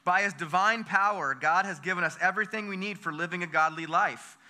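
High, bright-voiced preacher man. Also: a little fast. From United States. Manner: energetic, with call-and-response questions to the congregation; repeats words and restarts phrases. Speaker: pastor. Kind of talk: sermon.

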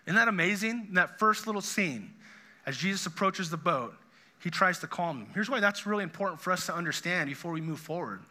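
A man preaching a sermon, earnest, asking the congregation rhetorical questions and dropping low and soft on quoted words of comfort. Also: expressive, a little fast. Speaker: pastor.

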